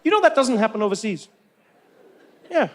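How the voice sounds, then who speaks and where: A man with a South African accent performing stand-up comedy, animated and acting out characters. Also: high voice, moderate pace. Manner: animated, acts out voices.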